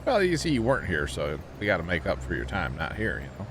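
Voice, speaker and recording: A man's voice: low-pitched, huge pitch swings, fast talker, noisy background. A man streaming a farming game, chatting casually and rambling with lots of fillers. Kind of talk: casual livestream chat while gaming.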